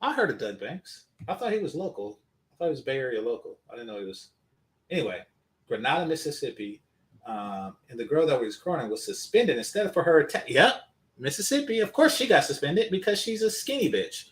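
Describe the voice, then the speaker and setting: Male reaction host, high lively voice, blunt and cursing. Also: fairly quick. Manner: blunt, profane and scornful. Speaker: commentary channel host. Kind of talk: reaction commentary.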